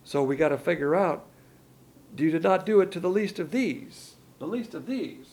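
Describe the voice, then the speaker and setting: A man's voice: fairly high pitch, expressive, normal speed, darkish tone. A man preaching a sermon, colloquial and emphatic, with slangy asides.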